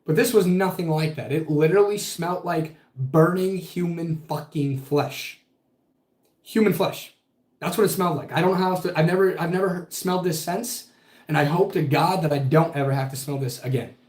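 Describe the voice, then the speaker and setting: A man's voice: on the high side, normal speed. A man casually telling a spooky story with lots of swearing. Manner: profane, animated storytelling. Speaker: podcast guest telling a ghost story. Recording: echoey room.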